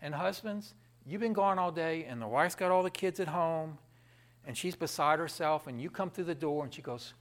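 A man preaching a sermon in a lively, conversational way, with asides to the congregation. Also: a little high, moderate pace.

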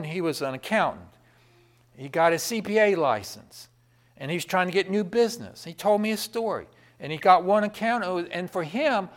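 A man preaching a sermon, swinging between loud, impassioned proclamation and quiet storytelling. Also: high-pitched.

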